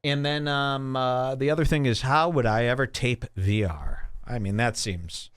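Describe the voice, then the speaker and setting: A man hosting a podcast, delivering a mocking comedic rant with exaggerated swings between loud and low. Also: a little slow, clear, resonant tone, no echo, studio quality. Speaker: podcast host. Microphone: studio microphone.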